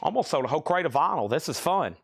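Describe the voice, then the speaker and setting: A man hosting a live online vinyl sale, briskly rattling off titles, prices and buyer names in a casual sales patter. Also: a little high, big pitch swings, vocal fry, breathy edge, no echo, studio quality.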